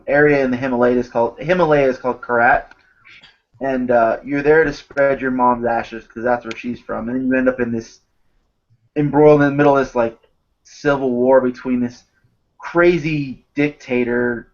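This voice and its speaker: A man telling stories in casual chat, animated and swearing often. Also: mid-range voice. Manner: animated storyteller, swears a lot. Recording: dull lo-fi recording.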